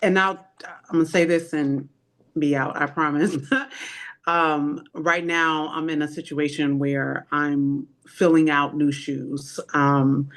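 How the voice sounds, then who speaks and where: A participant shares reflections slowly, pausing to find the right words. The voice sits mid-range and unhurried, earnest throughout. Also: mid-range voice, a bit bright. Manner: slow, thoughtful, searching for words. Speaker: workshop participant. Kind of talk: reflective sharing in a group workshop.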